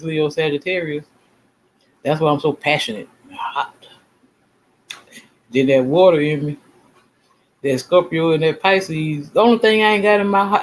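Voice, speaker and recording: A man's voice: on the high side, rough recording. A man hosting a casual livestream, talking in a rambling, emphatic and self-assured way, often repeating himself. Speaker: channel host.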